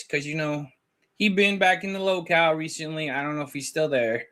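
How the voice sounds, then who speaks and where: A man's voice: on the high side, fairly quick, bright, forceful tone. A man in casual podcast chat, animatedly retelling a conversation and acting out both sides of it. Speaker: guest recounting a call.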